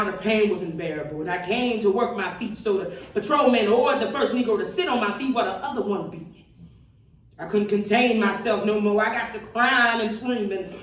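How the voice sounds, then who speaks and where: An actress gives a seated stage reading as a defiant, middle-aged Southern activist with a Mississippi accent, her cadence earthy and testifying. Her voice runs a bit bright and on the high side, and she sounds far away in a spacious hall.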